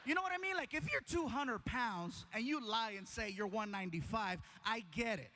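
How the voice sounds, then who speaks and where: Animated high-voiced stand-up man. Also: moderate pace, slight background noise. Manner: animated, playful, acts out voices. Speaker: stand-up comedian. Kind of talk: stand-up storytelling.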